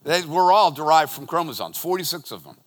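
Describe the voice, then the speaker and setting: A middle-aged man, a pastor, preaching a sermon with lots of energy, swinging between loud emphasis and quiet storytelling. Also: a little high, expressive, brisk. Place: church auditorium. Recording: long hall reverb.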